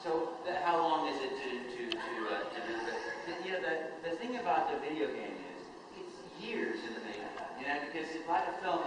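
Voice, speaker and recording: Animated man telling stories in a hall. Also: medium pitch, noisy background. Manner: animated, self-interrupting anecdotes. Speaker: voice actor, panel guest. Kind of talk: storytelling on a live panel. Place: large hall with an audience. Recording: echoey hall from far off.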